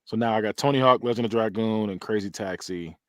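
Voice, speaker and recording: A man hosting a casual gaming podcast, animated and quick to laugh. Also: on the low side, no room sound, clean studio sound. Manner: animated, laughs often, drawn-out talk. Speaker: podcast host.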